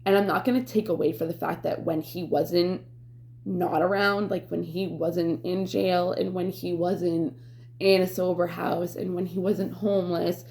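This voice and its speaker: A woman's voice: on the low side, gravelly, a little mellow, slight background noise. A young woman vlogger telling a personal story candidly, rambling and swearing, with lots of fillers. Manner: rambling, profane, full of fillers.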